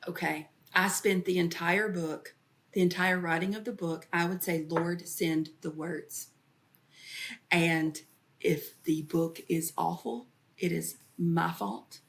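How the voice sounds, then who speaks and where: A woman comedian and author from the American South tells stories during an interview, growing animated and slipping into voices when she quotes family. She speaks at a measured pace in a fairly low voice with vocal fry.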